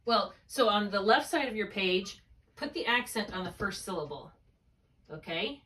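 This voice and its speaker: Recorded from a distance, a reading tutor explains spelling rules to one student, patiently and step by step, checking often for understanding. Her mid-range voice is expressive, bright, and forceful, moving at a moderate pace.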